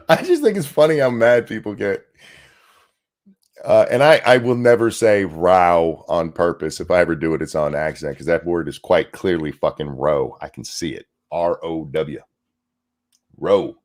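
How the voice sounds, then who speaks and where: Man, low voice, very lively pitch, sarcastic podcast banter, mock-reads headlines. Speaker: podcast co-host. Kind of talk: casual comedic commentary.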